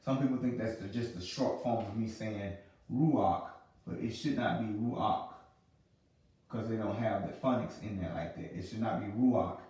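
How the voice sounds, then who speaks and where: A man teaching pronunciation, repeating each sound slowly and patiently. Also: lowish voice, darkish tone. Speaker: religious language teacher. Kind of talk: teaching a lesson. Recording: roomy sound from a distant mic.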